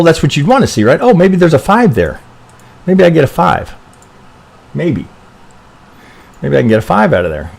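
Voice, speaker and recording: A man's voice: a little high, creaky, a little mellow. Man, trading chart review, live stream, rambling, self-interrupting, keeps asking "right?", allergy-stuffy voice. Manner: rambling, self-interrupting, frequent "right?" tags and mild swearing. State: congested with allergies.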